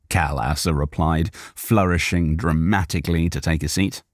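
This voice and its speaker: A man narrating an audiobook in a live recording session, expressive and careful. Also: sits low, normal speed, hardly any pauses, no room sound, clean studio sound.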